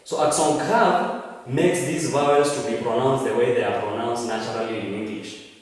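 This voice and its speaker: A man teaching a French language lesson, talking slowly, often repeating words and correcting himself. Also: medium pitch, fairly even intonation. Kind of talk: classroom lecture. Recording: echoey room, far from mic.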